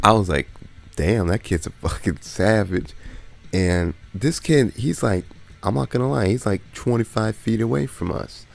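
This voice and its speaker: A man's voice: low-pitched, vocal fry, darkish tone. A man vlogging a casual story in a slangy, laid-back way, laughing now and then as he talks.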